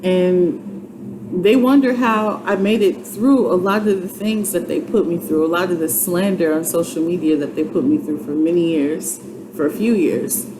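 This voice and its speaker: A woman's voice: on the low side, normal speed, background noise. A woman in her twenties giving an earnest, faith-based motivational vlog, urging and repeating herself like a preacher. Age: 20s. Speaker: YouTube vlogger.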